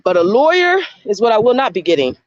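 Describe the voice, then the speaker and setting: A woman's voice: medium pitch, sing-song, quick pace. A woman speaks straight into her phone to people watching live, her talk heated, profane and circling back over the same points. The sound is dull and muffled, and it is dry, with no room echo. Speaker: livestreamer. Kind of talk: live-streamed rant to viewers.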